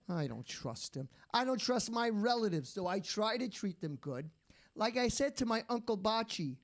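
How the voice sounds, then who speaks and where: A man doing a stand-up routine, delivering deadpan one-liners after slow setups. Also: sits high. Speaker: stand-up comedian.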